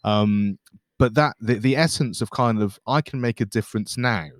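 A man with a very low voice hosting an interview, recorded dry and close with no room sound. He muses thoughtfully and at length, stumbling and restarting as he builds his questions. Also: normal speed, dry recording. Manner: thoughtful, rambling, many hesitations and restarts. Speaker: podcast host. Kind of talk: casual conversational interview.

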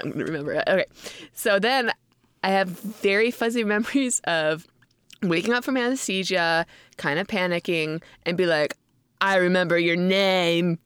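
A woman's voice: fairly low pitch, fairly bright tone, no room sound, clean studio sound. A young adult woman co-hosting a podcast, telling a rambling story in casual chat with frequent laughs. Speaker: podcast co-host.

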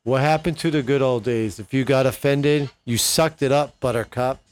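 A man's voice: mid-range voice, steady tone, moderate pace. A man hosting a political commentary show, delivering an impassioned opinion monologue with indignant questions to his listeners.

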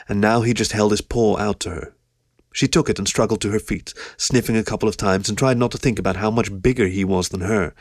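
A man narrating an audiobook in a steady, measured way. His voice sits on the low side, and the sound is dry and close with no room around it. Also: no room sound. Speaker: audiobook reader. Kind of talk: audiobook reading of an adult story.

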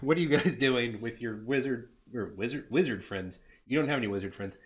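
A man's voice: mid-range voice, a little fast. A man running a tabletop game as game master, describing the scene in a dry, offhand way.

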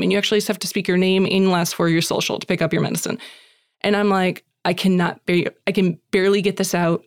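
A woman giving a chatty, animated personal faith testimony at a women's gathering, acting out dialogue and saying "like" often. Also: fairly low pitch, fast, dry recording, clean studio sound. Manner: heavy use of "like" as filler. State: tearful at moments.

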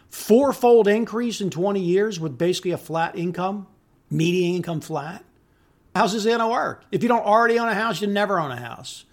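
A middle-aged man with a notably high-pitched voice delivers a solo podcast monologue. He rants with open contempt, swearing often and hammering his points through repetition. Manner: angry, contemptuous ranting with profanity; emphatic repetition. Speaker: podcast host.

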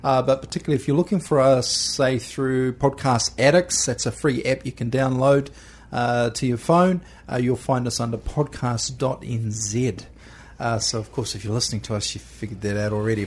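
A man's voice: mid-range voice, normal speed. A man with a New Zealand accent hosting a casual podcast interview in a studio, chatty and joking with lots of fillers. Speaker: podcast host.

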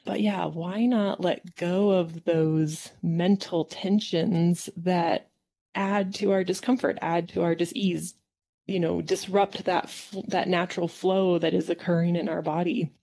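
A woman's voice: fairly low pitch, fairly even intonation, a little slow, vocal fry, warm tone. A woman acupuncturist in casual conversation, reflective and upbeat, often laughing as she talks.

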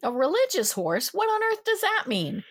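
A woman host with a high voice that rises and falls a lot. She introduces segments and feeds her co-host eager questions, keeping the chat light. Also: normal speed, dry recording, clean studio sound. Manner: lively, playing along with questions. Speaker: show host. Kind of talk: casual chat.

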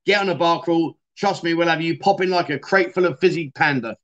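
A man's voice: a little high, a little fast, highs cut off. A middle-aged man hosting a casual livestream, reading viewer comments and chatting in a self-deprecating way. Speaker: livestream host.

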